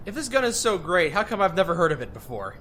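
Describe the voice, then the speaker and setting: A man's voice: high voice, sing-song, quick pace, fairly bright tone, a little hiss or hum. A man in casual gaming chat, joking and teasing, laughing often. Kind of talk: casual chat while playing a game.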